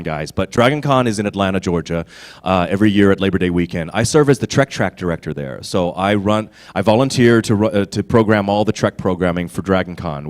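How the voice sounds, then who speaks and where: A man telling stories as a guest on a convention fan panel, animated and laughing, swinging from low murmurs to loud bursts. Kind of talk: casual storytelling on a fan panel.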